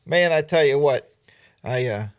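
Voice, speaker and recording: A middle-aged livestream host from Pennsylvania, USA, speaks a little slowly in a medium-pitched voice with lively intonation. The live chat is casual and playful, and he welcomes viewers by name.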